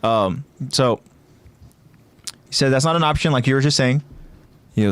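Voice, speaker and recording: A man co-hosting a casual podcast in a mid-range voice with a smooth, resonant tone. He talks through ideas with fillers and restarts. He jumps higher when acting out quoted lines. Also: moderate pace, pauses often, no echo. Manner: animated, acts out quoted lines with raised pitch; thinking aloud with many fillers and restarts. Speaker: podcast co-host.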